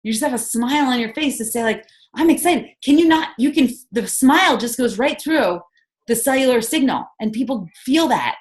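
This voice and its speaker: A woman's voice: a little high, a little fast. Upbeat woman coaching her team. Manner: energetic, enthusiastic, fires off rhetorical questions. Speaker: sales team leader. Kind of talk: motivational coaching on a team call. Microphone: conference call.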